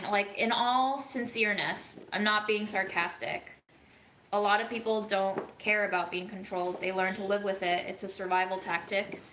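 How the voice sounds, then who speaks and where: A woman vlogger giving an earnest, thoughtful monologue, speaking slowly with frequent pauses and ums. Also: medium pitch, steady tone, sharp tone, reverberant, slight background noise, low-quality recording. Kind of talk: reflective monologue.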